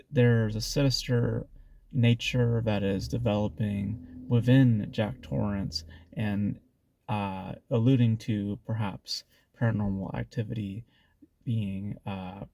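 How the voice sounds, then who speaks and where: A congested man talks through a casual film review, drifting along with plenty of ums and restarts. His voice sits low and gravelly, dark and mellow in tone, and the sound is dry and close. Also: fairly even intonation, slow, no room sound. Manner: rambling with many fillers and restarts.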